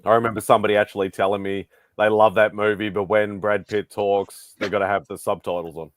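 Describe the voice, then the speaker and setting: A man's voice: on the low side, flat delivery, brisk, dry recording. A man hosting a casual pop-culture hangout chat in an easygoing way, laughing often. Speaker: host.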